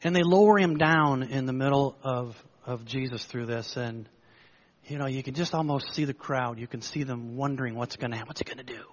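A man preaching a sermon, retelling a story with animated asides and acted-out lines. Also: medium pitch, moderate pace, muffled recording. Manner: storytelling, lively, acts out the crowd's lines.

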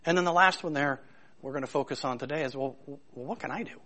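A man's voice: a little high, fast, sharp tone. A man preaching a conversational sermon, informal and full of rhetorical questions. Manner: informal and searching, poses many rhetorical questions. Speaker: pastor.

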